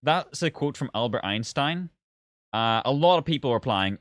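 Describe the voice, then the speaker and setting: With a mid-range, fairly bright and animated voice at a moderate pace, this game reviewer banters casually on a live stream. He meets viewer comments with sarcasm, disbelief, swearing and laughter, clearly exasperated, and there's no room sound.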